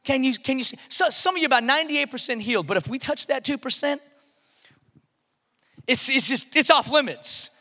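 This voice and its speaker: Man, preacher, high-pitched, energetic sermon delivery, hall echo. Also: normal speed, pauses often. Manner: energetic preaching with rising shouts and playful asides. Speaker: pastor. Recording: reverberant hall.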